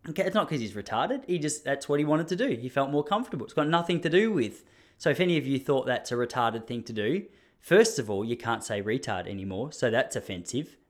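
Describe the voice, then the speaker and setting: A young Australian man telling a story in a casual, mock-indignant monologue. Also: a little fast. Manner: animated, mock-indignant, jumps up high when acting out others.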